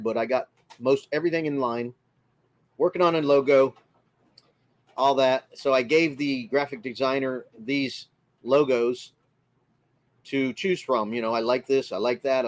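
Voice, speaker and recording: A man chats on a relaxed livestream from inside his RV. He talks at a middle pitch and greets his viewers one by one by name. His manner stays friendly and chatty. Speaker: livestream host. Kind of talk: casual livestream chat reading comments.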